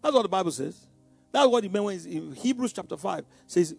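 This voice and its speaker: A man preaches with a high, lively voice that leaps between near-whispers and shouts, drawing call-and-response from his listeners. The sound is dry and close, with faint music underneath. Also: brisk, creaky, breathy edge, no echo. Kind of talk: sermon.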